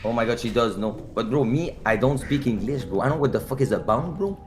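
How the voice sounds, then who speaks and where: Excitable man on a call. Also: mid-range voice, brisk, soft background music. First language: French. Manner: excitable, teasing, swears often. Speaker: guest streamer on a call. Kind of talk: casual stream chat.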